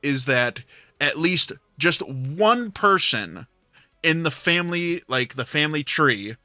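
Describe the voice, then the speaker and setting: A man's voice: on the high side, animated, slow pace, sharp tone, dry recording, faint music behind. A man hosting a livestream, telling a rambling story in casual chat with plenty of filler words. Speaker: livestream host.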